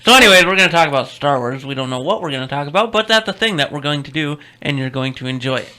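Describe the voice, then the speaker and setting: A man's voice: a little high, animated, bright, forceful tone. A man hosting a radio show, talking in upbeat, jokey banter with his co-hosts. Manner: upbeat, jokey, quick asides. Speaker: radio host. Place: radio studio.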